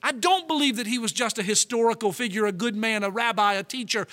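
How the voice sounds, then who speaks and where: Pastor, male, high bright voice, preaches with emphatic drawn-out stresses, long hall reverb. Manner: emphatic, slows and stretches key words. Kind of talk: sermon.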